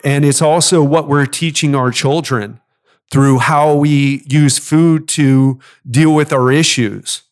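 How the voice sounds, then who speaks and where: Earnest male podcast host pitching listeners. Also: steady tone, takes it slowly. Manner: earnest and persuasive, repeats key phrases. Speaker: podcast host and fitness coach. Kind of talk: solo podcast monologue.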